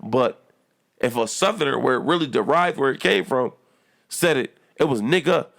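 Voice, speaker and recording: A man's voice: mid-range voice, expressive, normal speed, creaky, fairly bright tone. A man from the United States arguing heatedly and emphatically in a casual podcast debate, swearing freely. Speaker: podcast co-host.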